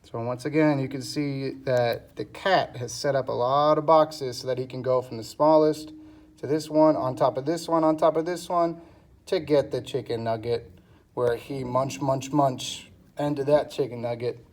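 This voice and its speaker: A man's voice: medium pitch, fairly even intonation, a little mellow. A man teaching a recorded reading lesson to young students, speaking patiently and checking in often. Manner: slow, patient, checks in with frequent "okay?". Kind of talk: recorded classroom lesson, reading a storybook aloud.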